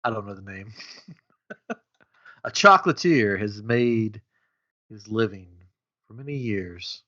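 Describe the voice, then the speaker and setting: A man's voice: on the low side, slow, lo-fi sound. A man hosting a comedy game show, telling an improvised story with lots of laughter. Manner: animated, laughing, puts on voices. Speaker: host.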